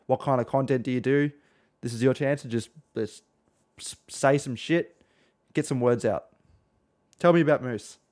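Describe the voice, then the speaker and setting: A man's voice: medium pitch, moderate pace, pauses often, a little mellow. A man with an Australian accent hosts a casual podcast. He rambles through asides and swears freely. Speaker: podcast host.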